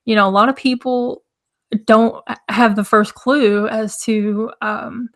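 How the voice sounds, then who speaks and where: A young woman with a somewhat high voice chats casually to her live-stream viewers. Her throat is hoarse and scratchy, so the words come out rough. She rambles loosely and greets people in the chat. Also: steady tone, a little slow. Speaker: livestream host.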